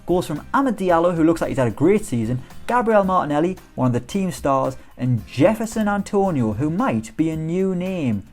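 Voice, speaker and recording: Man, animated pitch, upbeat football game commentary, soft music underneath. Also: normal speed, few pauses. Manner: chatty, upbeat, rhetorical questions. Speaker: gaming YouTuber.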